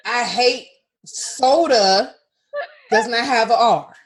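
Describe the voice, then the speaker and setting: A woman co-hosts a podcast, jumping into the chat with quick laughs. Her voice is fairly high and swoops widely in pitch. She sounds animated and expressive. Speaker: podcast co-host. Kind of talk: casual chat.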